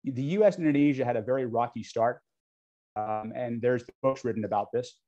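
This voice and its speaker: With a warm tone and medium pitch, this American man from the United States speaks a little fast as a guest on US-Indonesia relations. He is candid and unscripted, often saying um and restarting sentences. The audio is dull lo-fi.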